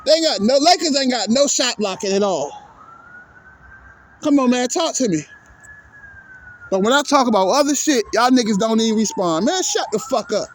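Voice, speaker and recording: A man's voice: very high-pitched, lively intonation, moderate pace, pauses often, a little hiss or hum. A man giving an angry, profane sports rant to his viewers, exasperated and repeating himself. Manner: profane, exasperated, repetitive ranting. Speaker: vlogger.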